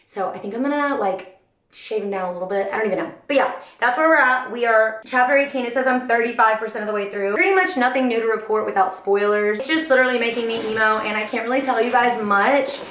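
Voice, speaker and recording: A woman's voice: a little high, quick pace, fairly bright tone, echoey room. A young woman chatting through a casual reading vlog in a chatty, dramatic, self-mocking way while doing her nails at home. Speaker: book vlogger.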